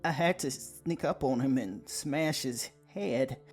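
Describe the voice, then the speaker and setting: A man's voice: medium pitch, lively intonation, takes it slowly, a little mellow, faint music behind, pitched above the performer's own voice. A man voicing a panicked young female vampire who stammers and stumbles over her words. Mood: frantic. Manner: stammering, frantic.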